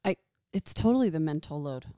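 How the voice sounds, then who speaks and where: A woman's voice: deep voice, fairly quick, clean tone, no echo, clean studio sound. A young adult woman co-hosting a podcast, chatting casually and acting out the dialogue in her stories with animation. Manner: animated storyteller who acts out quoted dialogue. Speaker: podcast co-host. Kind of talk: casual chat.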